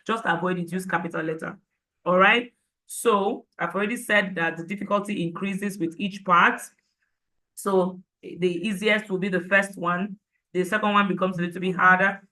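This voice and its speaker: A woman leads an exam-prep lesson in a bright, forceful voice. She drives each tip home by restating it and checking in with the class through quick rhetorical questions. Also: medium pitch, low-quality recording. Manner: repetitive, emphatic, rhetorical questions to students. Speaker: IELTS prep teacher. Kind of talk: live online class lecture.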